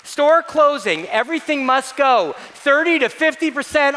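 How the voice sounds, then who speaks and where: A man giving a keynote talk to staff, telling a comic story in an animated, playful, mock-outraged way. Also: very high-pitched, measured pace. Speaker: keynote speaker. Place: large hall. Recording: long reverb of a large hall.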